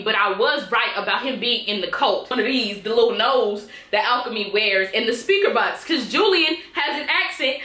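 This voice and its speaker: A woman's voice: a little high, sharp tone, echoey room. A woman recapping a TV episode in a casual vlog, chatty and acting out the characters' lines. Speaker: TV episode reviewer.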